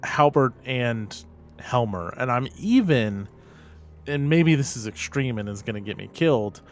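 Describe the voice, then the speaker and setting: A man's voice: mid-range voice, lively intonation, unhurried. A man playing a tabletop game, switching between casual table talk and formal, earnest in-character speech as his investigator. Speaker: player.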